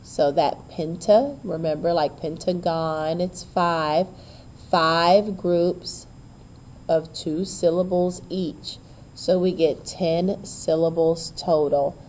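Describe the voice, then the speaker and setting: A woman teacher with a lowish voice takes an unhurried pace through a lesson on poetic meter. She talks to the class in a chatty way and makes jokes at her own expense. She drags out and leans on single syllables to show where the stress falls. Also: fairly even intonation, darkish tone, a little hiss or hum. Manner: chatty, self-deprecating asides to the class; stretches out and stresses syllables to demonstrate rhythm. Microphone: recorded on a camera while writing on paper.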